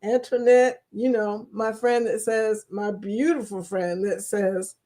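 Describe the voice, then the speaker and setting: A woman's voice: medium pitch, fairly even intonation, takes it slowly, mellow. A woman from Kentucky with a Kentucky accent, hosting a live chat stream, who talks in a chatty, teasing way and laughs often. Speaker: livestream host. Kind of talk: casual chat greeting viewers.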